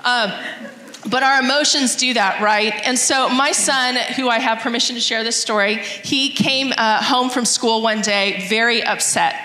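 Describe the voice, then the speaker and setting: A woman's voice: fairly high pitch, measured pace, sharp tone. A woman telling a church gathering, in an earnest and reflective way, how prayer changed her as a mother, reading scripture aloud. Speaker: mother sharing a testimony. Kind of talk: church testimony talk. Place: church hall. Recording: echoey hall, long reverb.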